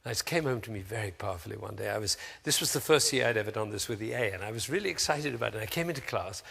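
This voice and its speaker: A man speaking to an audience of teachers, theatrical and animated, acting out the people he quotes in sudden high voices. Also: fast, creaky, breathy edge, in a large hall.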